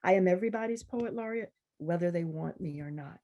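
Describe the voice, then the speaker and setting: A woman poet who is a guest at a university event, telling a story in a lively, conversational way and acting out other people's voices. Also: fairly low pitch, a little fast, dull audio.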